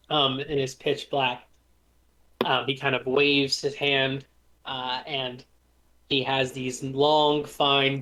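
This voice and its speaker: A man's voice: mid-range voice, a bit bright. Man narrating a tabletop game. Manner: descriptive, hesitant with many fillers. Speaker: game master.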